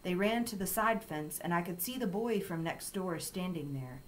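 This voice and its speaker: A woman with a low voice reads a children's chapter book aloud in calm, steady storytelling. A faint hiss sits under the recording. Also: normal speed, low-quality recording. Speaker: story reader.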